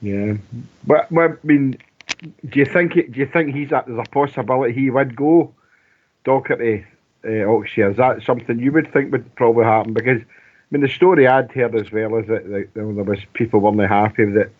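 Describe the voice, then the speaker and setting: A Scottish man chatting casually about football on a radio phone-in, rambling and restarting his sentences. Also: mid-range voice. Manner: rambling, halting with many restarts. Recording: tinny phone line.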